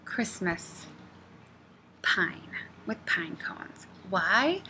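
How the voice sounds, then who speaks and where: A woman's voice: medium pitch, very animated, extremely slow, pushed and bright, slight background noise. A woman knitting designer chatting casually, rambling off on tangents and often dropping to a near-whisper. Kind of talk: casual vlog chat.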